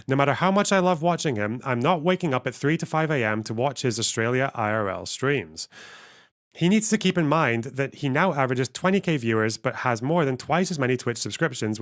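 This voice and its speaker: A man streaming, reading chat messages aloud and commenting on clips with wry asides. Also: mid-range voice. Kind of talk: casual reaction commentary.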